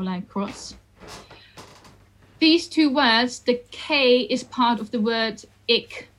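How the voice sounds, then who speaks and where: Slow-talking woman teaching song diction. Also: fairly high pitch, a bit bright, low-quality recording. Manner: chatty and informal, sounds out words slowly. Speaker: singing and Dutch diction teacher. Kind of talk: lesson, talking through song pronunciation.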